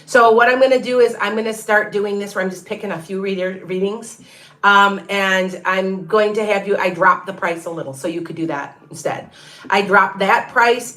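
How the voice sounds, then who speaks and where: A woman's voice: mid-range voice, a bit bright. A middle-aged woman, a tarot reader, chatting casually to viewers on a livestream in a rambling way, full of restarts and asides.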